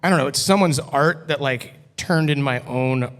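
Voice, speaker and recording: In a brewery taproom full of long hall reverb, a man guesting on a podcast relates a story at a moderate pace. His medium-pitched voice is a bit bright, and his telling is casual, sprinkled with swearing and loads of "like."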